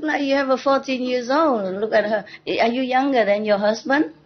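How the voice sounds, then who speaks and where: A woman's voice: high-pitched, normal speed, hardly any pauses, a little hiss or hum. A woman spiritual teacher giving an informal dharma talk to a gathering, playful and teasing, often laughing. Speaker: spiritual teacher addressing disciples. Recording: dull lo-fi recording.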